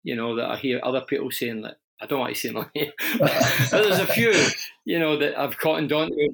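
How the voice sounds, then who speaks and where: A man's voice: mid-range voice, normal speed, vocal fry, a bit bright. A middle-aged man from Scotland with a broad Glaswegian accent, telling stories candidly in an interview with frequent restarts. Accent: Glaswegian Scottish. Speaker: interview guest, former footballer and radio presenter. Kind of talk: conversational interview.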